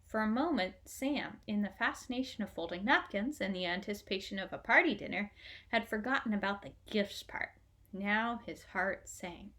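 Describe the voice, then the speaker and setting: A woman narrating a children's book aloud in a gentle, expressive way. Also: medium pitch. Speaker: audiobook reader. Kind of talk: storybook narration.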